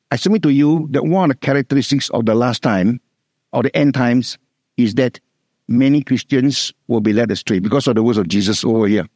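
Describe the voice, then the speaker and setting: A middle-aged man with a Singaporean English accent, preaching a sermon, repeating key words and slowing down to stress scripture. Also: medium pitch, a little mellow, dry recording, studio quality.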